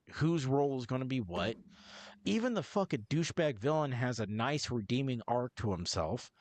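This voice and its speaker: Man, podcast co-host, mid-pitch, profane, rambling, dry close sound. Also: no echo. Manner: profane, rambling, self-interrupting. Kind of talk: casual movie review chat.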